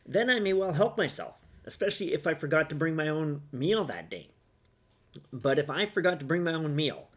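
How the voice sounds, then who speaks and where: A man giving blunt, opinionated casual commentary on news stories, with mild profanity. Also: on the high side.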